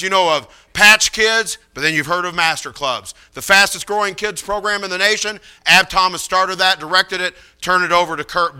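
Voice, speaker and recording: A male preacher tells stories from the pulpit in an animated, folksy way. His voice is high and very bright. It rings smooth and clear. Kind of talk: storytelling sermon.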